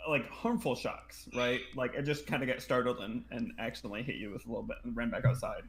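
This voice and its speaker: A man's voice: mid-range voice, steady tone, quick pace, a crowd in the background. A man running a tabletop game as game master, describing scenes in a loose, rambling way full of fillers.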